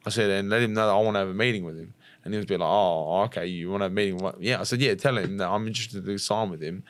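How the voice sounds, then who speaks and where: Young Australian man, low voice, rattles off stories quickly, acts out other people's lines. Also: no echo. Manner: rapid, animated storytelling with acted-out quotes and swearing. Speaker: podcast guest, martial arts fighter. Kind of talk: casual storytelling interview.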